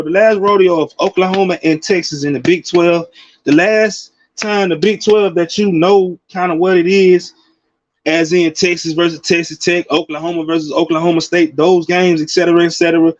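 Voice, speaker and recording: Lively, high-voiced man in his forties. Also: normal speed, muffled recording. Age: 40s. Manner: animated, slangy, loud bursts and laughing asides. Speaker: college football commentator. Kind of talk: casual sports commentary.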